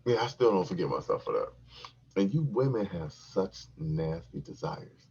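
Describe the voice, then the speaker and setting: A man hosting a podcast, telling a crude, profane comic story in an animated, repetitive way with a husky voice on a dull, lo-fi recording. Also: sits low, normal speed. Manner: animated, crude, repeats himself for laughs.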